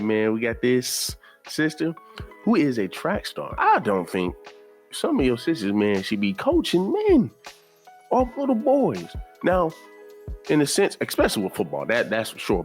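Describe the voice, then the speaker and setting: A man hosting a casual reaction commentary video, opinionated and repetitive, often adding "man" to his points. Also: medium pitch. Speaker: commentary YouTuber.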